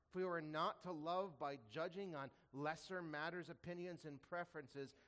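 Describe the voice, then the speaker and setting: A man's voice: a little high, fairly bright tone. Earnest preacher man in a reverberant hall. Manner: earnest, rhetorical questions, slows for emphasis when quoting scripture. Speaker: pastor. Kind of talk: sermon.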